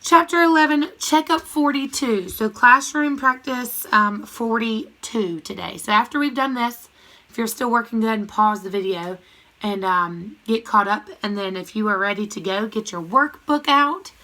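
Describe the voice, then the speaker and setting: A woman teacher leading a recorded grammar lesson, calling out each word and its part of speech in a steady call-and-response rhythm. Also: medium pitch, moderate pace.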